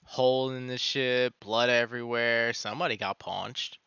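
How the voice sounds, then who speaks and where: A man's voice: mid-range voice, steady tone, normal speed, bright, forceful tone, clear, resonant tone, no room sound, lo-fi sound. A man voicing a nervous, eager-to-please crew member who keeps agreeing. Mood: wary.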